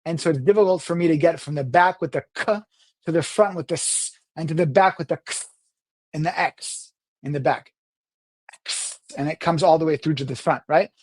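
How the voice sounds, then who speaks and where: A middle-aged man giving a talk on public speaking and communication, with an animated delivery that swings in pitch and loudness. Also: moderate pace. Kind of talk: talk to camera on communication skills.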